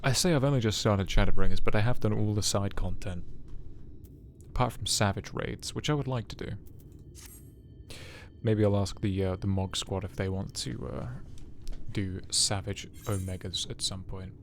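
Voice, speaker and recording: Low-voiced guy in his 20s streaming a game, joking around with chat, a bit of background hiss. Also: moderate pace. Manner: joking, self-mocking banter with chat. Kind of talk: casual live-stream chat while playing.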